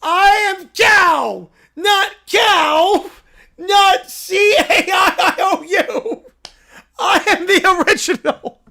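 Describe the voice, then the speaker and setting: A shrill, squealing little bald boy, as a man puts him on, throwing a jealous crying tantrum and yelling every line. The voice sits well above a grown man's usual pitch and keeps breaking into whiny sobs. It comes from a silly story read aloud in voices. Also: very slow, creaky, full character voice.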